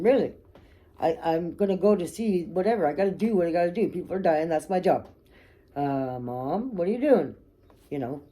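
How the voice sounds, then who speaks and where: A woman tells her own story straight to camera in a low, warm voice. She is candid and blunt, curses freely, and keeps checking in with her listeners. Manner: candid and blunt, swears freely, frequent "okay?" and "right?". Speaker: vlogger telling her life story.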